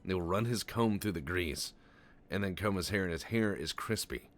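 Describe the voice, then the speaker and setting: A man commenting on a game he is playing, telling long absurd stories in a deadpan way, stammering and swearing often. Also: low voice, normal speed. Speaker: Let's Play commentator. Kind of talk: casual game commentary with rambling tall tales.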